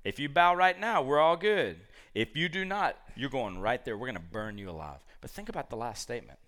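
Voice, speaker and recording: A man preaching a lively sermon, acting out the characters of a Bible story. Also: medium pitch, a little fast. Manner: animated, acts out quoted characters.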